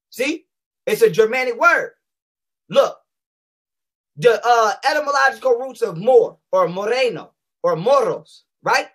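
A woman in a heated, profane rant, combative and repetitive, slowing down to read definitions aloud. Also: a little high. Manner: combative, profane, repeats phrases for emphasis; reads definitions aloud slowly. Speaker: online commentator.

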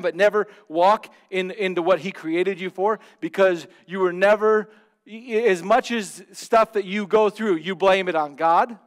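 Speaking from the pulpit, this high-voiced male pastor addresses the congregation earnestly and directly. He moves between forceful, loud outbursts and quiet asides.

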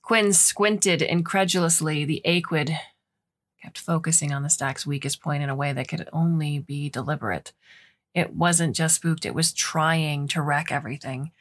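A woman narrating a short story aloud, expressive and acting out the dialogue. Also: low voice, normal speed. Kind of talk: audiobook story reading.

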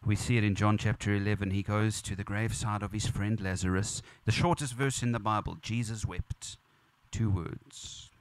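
A man's voice: lowish voice, steady tone, normal speed, hardly any pauses, dry recording. A man preaching at a funeral as pastor, earnest and repetitive, building emphasis. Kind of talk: funeral sermon. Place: church or funeral venue.

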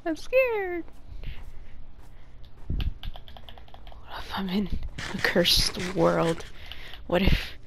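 A woman's voice: fairly low pitch, little pitch movement, very slow, vocal fry, pauses often, a bit bright, a little hiss or hum. A woman giving casual, playful gameplay commentary, chatting and sometimes muttering or whispering to herself. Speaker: gaming video creator.

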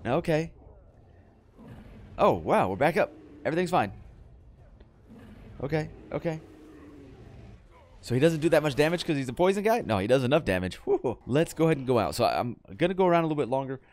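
A young adult man casually commenting on his video game as he plays, chatty and breaking into excited yells when things go wrong. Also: on the high side, brisk, long pauses. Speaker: gaming channel host.

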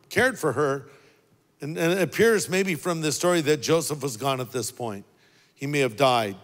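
A man preaching a sermon as pastor, talking conversationally, dropping low for quoted words and rising for emphasis. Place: large church auditorium. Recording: long reverb of a large hall.

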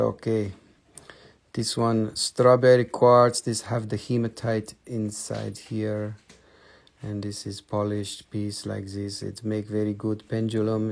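Slow, gravelly man with Russian accent. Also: on the low side, a little mellow. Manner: playful, broken English. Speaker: online crystal seller. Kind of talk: live-stream sales show.

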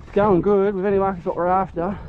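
A man talks casually to camera while fishing from a boat on a river, chatty and earnest, sometimes cheering loudly. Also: sits high, little pitch movement, fast talker, narrow, tinny audio. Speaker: fishing vlogger. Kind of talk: casual outdoor vlog narration. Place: on a small boat on a tidal river outdoors. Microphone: head-mounted camera. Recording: noisy outdoor boat recording.

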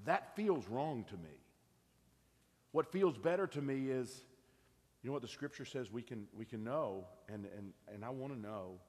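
Middle-aged male pastor, husky, conversational sermon in a long-echo church. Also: mid-range voice, normal speed. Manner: earnest, conversational, asks the congregation questions. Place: church sanctuary.

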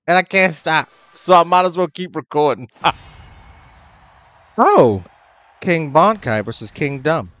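A young adult man commenting on his own ranked matches, swearing often and breaking into loud, exasperated outbursts. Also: on the high side, no echo. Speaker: gaming channel host.

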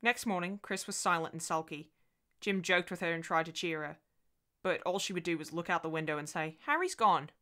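A woman reads a ghost story aloud with expression and voices the characters herself. Her voice is bright and crisp, a little low in pitch, and clearly articulated. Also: steady tone, fairly quick.

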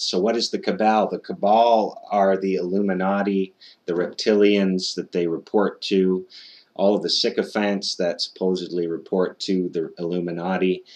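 Deep-voiced man giving skeptical commentary. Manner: sardonic, debunking tone with frequent fillers. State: out of breath.

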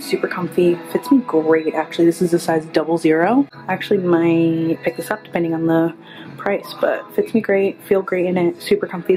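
A chatty young woman with a lowish voice gives blunt, candid takes on clothes she is trying on in a store fitting room. She talks casually to her camera. Music plays clearly underneath. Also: a little mellow, poor audio. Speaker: fashion vlogger. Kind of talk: casual try-on haul chat. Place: store fitting room, later inside a car. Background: background music.

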